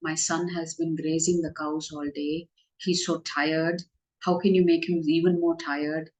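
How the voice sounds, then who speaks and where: A woman's voice: sits low, flat delivery, a little slow, darkish tone, rough recording. A woman voicing a fretful mother who scolds the cowherd girls for keeping her son out late. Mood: scolding. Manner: stern scolding.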